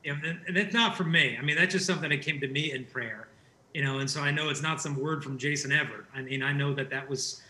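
A man's voice: fairly high pitch, fast talker, sharp tone, echoey room, poor audio. A man speaking as a guest, telling stories animatedly and acting out the quoted lines. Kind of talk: conversational faith discussion.

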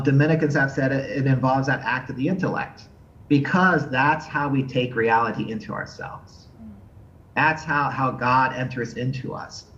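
A man's voice: medium pitch, fairly bright tone. Earnest man lecturing on theology, slightly muffled. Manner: earnest, searching for words with restarts. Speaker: theology teacher.

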